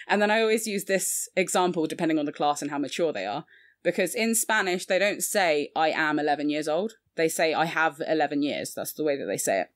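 A woman's voice: sits low, animated, brisk. A young woman in her twenties, a Spanish teacher, chatting casually and laughing often with many fillers. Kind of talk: casual podcast chat.

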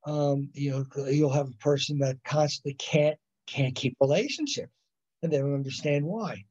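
A man's voice: mid-range voice, moderate pace, darkish tone. A man teaching a college psychology class over a video call, rambling and correcting himself often, checking in with "right?" and "you know". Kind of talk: recorded online lecture. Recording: dull lo-fi video call audio.

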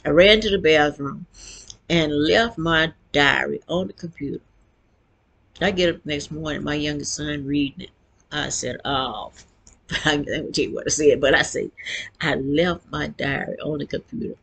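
A woman's voice: sits low, normal speed, creaky, a bit bright, slightly rough. A woman in her sixties telling her own life story in a frank, earthy, conversational way. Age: 60s. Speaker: vlogger and author. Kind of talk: casual personal storytelling.

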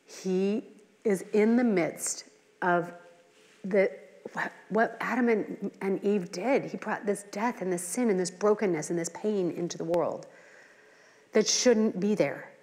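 A middle-aged woman teaches a Bible study in an earnest, conversational way. She mixes scripture reading with personal asides and rhetorical questions. Her voice sits at a medium pitch and rings in a hall with long reverb. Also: measured pace, darkish tone. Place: church hall.

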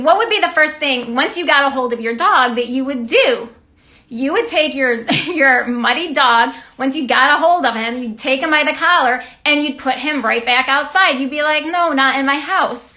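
A woman's voice: high voice, pushed and bright. A woman giving a casual devotional teaching. She talks in a chatty way, often asks "right?" and laughs lightly. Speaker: Christian teacher and vlogger.

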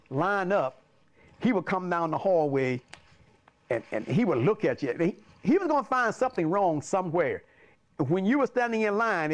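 An older man from Alabama, a pastor telling stories from his childhood in an animated way, often chuckling. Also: fairly high pitch. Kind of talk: personal storytelling.

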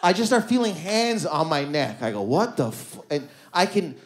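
Canadian male comic, slightly high voice, lively club stand-up storyteller. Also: moderate pace. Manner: animated storytelling, acting out voices. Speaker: stand-up comedian. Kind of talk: stand-up comedy set. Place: comedy club stage.

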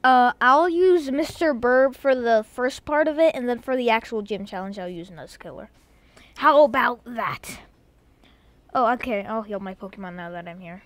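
Young woman gamer, casual commentary, high and excitable, loud outbursts, dry home mic. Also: normal speed, dry recording. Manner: excitable, loud outbursts, rambling self-talk. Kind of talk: casual let's-play commentary.

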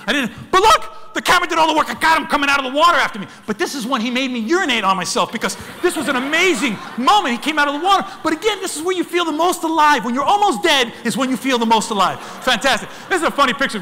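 Fast, bright, animated man in a hall. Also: very high voice, a little hiss or hum. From United States. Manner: animated, dramatic storyteller, acts out sounds and voices, addresses the crowd as folks. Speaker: wildlife photographer giving a talk. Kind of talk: lively storytelling presentation to an audience. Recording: long hall reverb.

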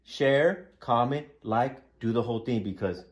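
A man's voice: mid-range voice, unhurried. A young man co-hosting a prank vlog, playful and laughing as he talks to viewers. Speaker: vlogger and prank channel co-host. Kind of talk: casual prank vlog chat.

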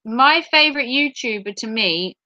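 A lively woman from Norfolk talks to her viewers on a casual live stream. Her voice is bright and a little high, and she is playful and chatty. The sound is close and dry, slightly dull at the top. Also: moderate pace, dry recording. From Norfolk, England.

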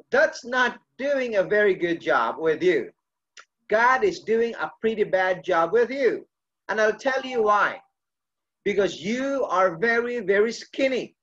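Preacher voicing a mocking stout prison captain. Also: male voice, high voice, a bit bright, muffled recording, full character voice.

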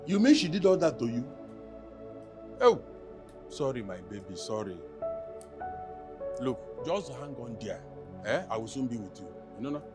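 A man's voice: medium pitch, natural voice. An actor playing a crude, boastful Nigerian chief who mocks his wife, with a Nigerian accent, recorded from a distance. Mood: tender. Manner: mocking, taunting, crude. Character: boastful philandering middle-aged chief, crude. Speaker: husband and chief. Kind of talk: Nollywood film acting.

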